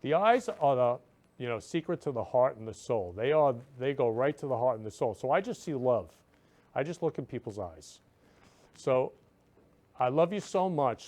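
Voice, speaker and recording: A man's voice: medium pitch, darkish tone. A man hosting his own show, talking earnestly and effusively to viewers, repeating himself often. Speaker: show host. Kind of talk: casual talk to viewers.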